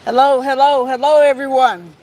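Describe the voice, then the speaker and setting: A woman with a very high voice opens a press conference, rallying her listeners in firm, declarative phrases. She slows down for emphasis, with faint background noise around her. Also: fairly even intonation, darkish tone, low-quality recording. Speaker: founder and CEO of an advocacy group, opening speaker. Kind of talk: opening speech at a press conference.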